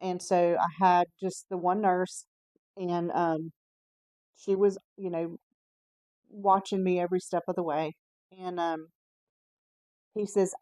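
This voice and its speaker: A woman vlogger telling a personal story in a candid, casual way, pausing on fillers and correcting herself as she goes. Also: lowish voice, little pitch movement, a little mellow, no echo. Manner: chatty, candid, with frequent "um" and self-corrections.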